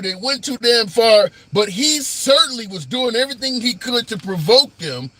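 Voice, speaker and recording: A man's voice: very high-pitched, expressive, moderate pace, sharp tone. A man hosting a live call-in talk stream from a phone, talking through opinions conversationally with restarts. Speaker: talk show host. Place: car.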